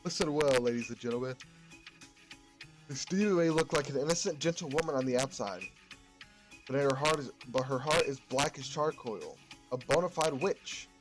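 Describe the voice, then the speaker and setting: A man voicing a loud, theatrical woman who accuses a rival with brash, showy talk. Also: medium pitch, moderate pace, natural voice. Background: game music.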